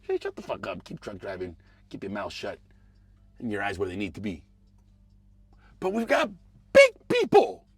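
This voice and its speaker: A man hosting a podcast. He rants casually and profanely about politics, muttering one moment and shouting the next. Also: on the low side, normal speed, pauses often, husky. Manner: animated, profane, swings between mumbling asides and raised outbursts. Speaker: podcast host.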